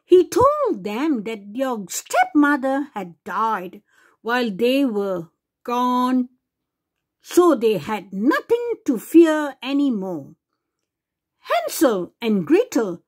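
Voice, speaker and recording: A woman reading a fairy tale aloud to children in a slow, sing-song way, sometimes correcting herself. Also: fairly high pitch, sing-song. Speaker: children's channel storyteller.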